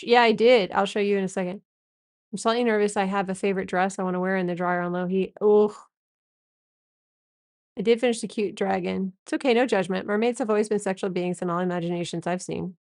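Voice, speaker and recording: Between drawing strokes, a chatty woman artist talks with her stream audience, staying loose and jokey as she reads out viewers' names. Her voice has an ordinary middle pitch, and the recording is close and dry with no room sound. It's casual live-stream chatter while she draws.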